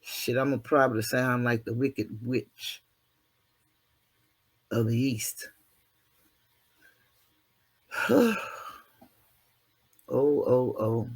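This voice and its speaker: A man's voice: mid-range voice, steady tone, slow, long pauses. A man hosting his own channel, giving a motivational monologue to viewers in an earthy, preachy way with mild cursing and self-deprecating asides. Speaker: channel host.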